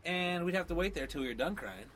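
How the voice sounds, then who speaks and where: A man's voice: sits high, lively intonation, fast talker, a bit bright, slight background noise. A man telling profane childhood stories in casual chat, acting out quoted lines with big jumps in voice.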